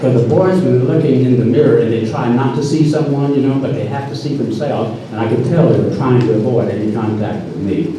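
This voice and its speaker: A man's voice: medium pitch, fairly quick, few pauses, crowd noise. An older man telling a personal story on a live stage with dry, folksy humor. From North Carolina. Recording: echoey hall from far off.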